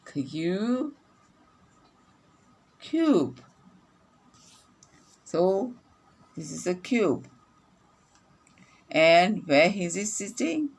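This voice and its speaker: A woman teacher reading a phonics lesson aloud to young children, repeating each sentence slowly and clearly. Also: fairly low pitch, sing-song.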